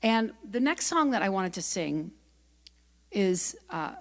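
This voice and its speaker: Animated woman giving a chatty spiritual talk. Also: mid-range voice, slow pace. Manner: chatty, animated, asks the audience questions. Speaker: guest speaker and singer. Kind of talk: lively spiritual talk with stories. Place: spiritual center hall with audience.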